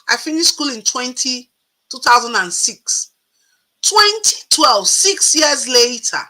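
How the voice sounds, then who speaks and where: Bright-voiced woman telling her story. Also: fairly high pitch, low-quality recording. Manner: animated, acts out quoted voices. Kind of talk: casual storytelling.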